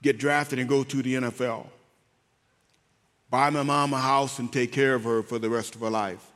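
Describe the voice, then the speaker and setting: A man giving an emotional faith testimony as an interview guest, speaking haltingly and repeating words as he goes. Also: mid-range voice, fairly even intonation, fairly bright tone, long reverb tail. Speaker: guest, former pro football player.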